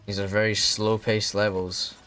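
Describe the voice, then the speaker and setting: A man's voice: fairly low pitch, level tone, moderate pace, fairly bright tone. A young man casually commentating on a game he plays, ranting and swearing often. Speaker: streamer. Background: faint background music.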